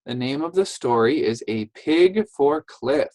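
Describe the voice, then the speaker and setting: A woman teaching a phonics lesson to young English learners, saying each word slowly and clearly and praising the children. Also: extremely low pitch, animated, dark tone, no room sound, poor audio. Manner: slow, clearly enunciated, encouraging classroom talk.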